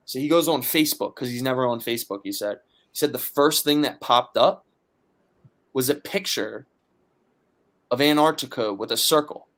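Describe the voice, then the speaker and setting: A man from Philadelphia, appearing as a podcast guest, tells a story in casual conversation with a mid-range voice at normal speed, leaving long pauses. He's animated and profane, swearing often and acting out his friends' lines.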